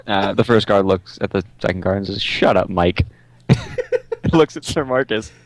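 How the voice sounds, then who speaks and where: Low, dry-voiced man running a tabletop game. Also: no room sound. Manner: halting, with many ums and uhs. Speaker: game master. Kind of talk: narrating a tabletop game on a live stream.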